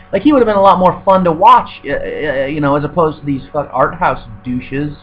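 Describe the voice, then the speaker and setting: A man's voice: fairly high pitch, brisk, few pauses. Sarcastic, foul-mouthed man ranting about a movie. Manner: sarcastic, profane, rambling with many fillers. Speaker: movie reviewer. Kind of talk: casual film review rant. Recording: dull recording with faint hum.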